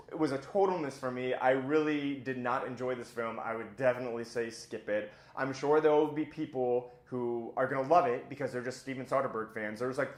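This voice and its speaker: A man's voice: mid-range voice, roomy sound. A man giving a casual, blunt and opinionated spoken film review as host of his own channel, chatty with plenty of filler words.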